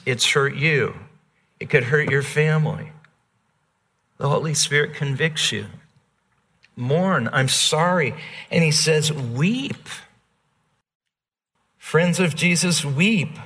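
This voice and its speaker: A male pastor preaching a sermon, earnest and repetitive, dropping soft and then rising emphatic. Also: on the high side, long reverb tail.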